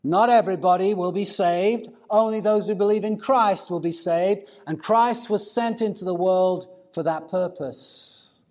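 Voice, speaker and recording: A man preaching a sermon in a higher-than-usual voice. He is deliberate and emphatic, drawing out important words and slowing down for stress. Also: darkish tone. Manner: deliberate, emphatic, stretches key words slowly. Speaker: pastor.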